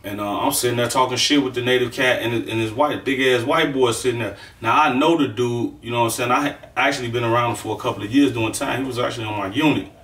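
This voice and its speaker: A man's voice: mid-range voice, steady tone, fast, few pauses, fairly bright tone. A middle-aged man tells a long story in a loose, rambling way, swearing freely and checking in with the listener again and again. His voice sits in an ordinary middle register. It is picked up from some distance in a room that echoes. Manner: profane, rambling, keeps saying "you know what I'm saying". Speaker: storyteller recounting prison life. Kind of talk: casual storytelling monologue. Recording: roomy sound, mic at a distance.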